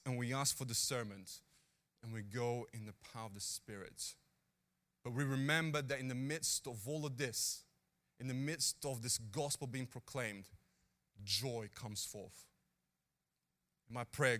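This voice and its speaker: A man preaching a sermon with earnest, animated delivery, acting out the people in his stories. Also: mid-range voice, a little slow.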